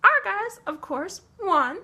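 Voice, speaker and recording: A woman's voice: very high-pitched, big pitch swings, slow, sharp tone, pitched above the performer's own voice, full character voice. Smug gloating orcs, as a woman puts them on. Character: smug orcs gloating over beaten gods.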